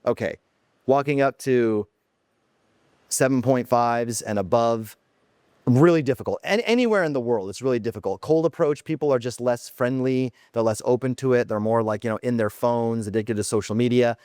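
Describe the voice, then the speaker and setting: This is a man vlogging from his home office, talking bluntly and brashly with plenty of casual filler. His voice is smooth and clear, and the recording is close and dry with no room sound. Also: medium pitch, normal speed, a little mellow, no room sound. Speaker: dating coach vlogger. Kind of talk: casual monologue.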